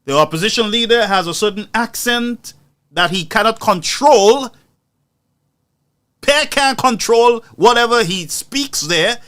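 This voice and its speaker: Male host, sharp and mocking, high animated delivery for political commentary. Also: measured pace. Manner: indignant, mocking, rhetorical.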